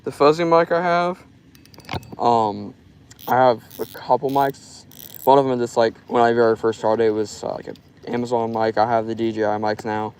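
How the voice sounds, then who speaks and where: Outdoors by a river, a young man from Florida runs a casual fishing live stream, his talk loose, rambling and full of "like." He has a mid-range voice with a steady tone and moderate pace, caught on a rough recording with slight background noise.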